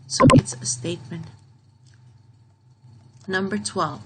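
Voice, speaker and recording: A woman teaching a grammar lesson for children, reading each example slowly and repeating it. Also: mid-range voice, sing-song, very noisy. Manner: slow, deliberate, repeats example sentences.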